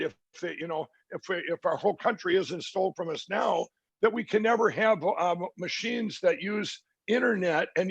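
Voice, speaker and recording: A middle-aged man with a gravelly, raised voice tells a story in an interview. He stumbles, restarts and fills pauses as he recounts what others said. The sound is dry and somewhat muffled. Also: high voice, dry recording. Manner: halting, many restarts and fillers, quoting others. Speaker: interview guest.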